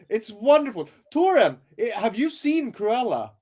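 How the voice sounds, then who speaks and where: A woman's voice: a little high, big pitch swings, measured pace, darkish tone. A woman co-hosting a casual podcast chat over a remote call, gushing and swearing freely, often laughing. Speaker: podcast co-host.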